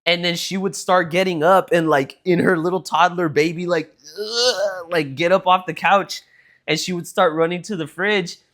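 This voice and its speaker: A young man co-hosting a podcast, telling an animated, profane story in casual chat. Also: sits high, moderate pace. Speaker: podcast co-host.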